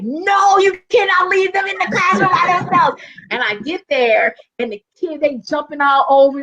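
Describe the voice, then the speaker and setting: Southern woman from new orleans, raspy, acts out voices in her stories, kinda muffled audio. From New Orleans, USA. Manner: animated, acts out dialogue with big pitch jumps. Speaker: guest social worker. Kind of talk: casual storytelling interview.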